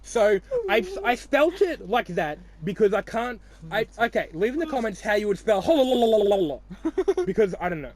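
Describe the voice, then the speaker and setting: A man's voice: high voice, big pitch swings, normal speed, few pauses. A young Australian man hosting a podcast, chatting casually with friends in a rambling, teasing way full of swearing. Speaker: podcast host. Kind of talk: casual chat.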